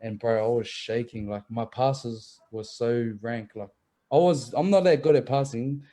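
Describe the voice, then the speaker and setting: A young man tells stories in a relaxed, easygoing way, swearing freely and laughing as he goes. His voice sits at an ordinary pitch with a mellow, warm tone. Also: measured pace. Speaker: rugby league player, guest. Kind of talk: casual chat, storytelling.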